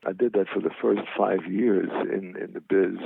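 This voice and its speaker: An older man with a deep, gravelly, husky voice tells rambling, self-deprecating stories in a casual interview. His voice comes through a tinny, dry, phone-like line. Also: steady tone, normal speed, a little hiss or hum. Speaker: guest, veteran actor.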